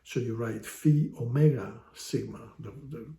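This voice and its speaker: A man teaches a casual online lesson at an unhurried pace, his voice gravelly and mellow. He explains with wry, joking asides, and the sound carries the echo of a room. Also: mid-range voice. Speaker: language teacher. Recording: echoey room.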